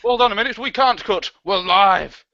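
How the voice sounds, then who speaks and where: A flustered TV director bursts in shouting and high-pitched, as a man puts him on. His voice is bright and forceful. The audio is dull and dry, like a lo-fi call. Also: moderate pace, dry recording. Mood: frantic. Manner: shouty, frantic.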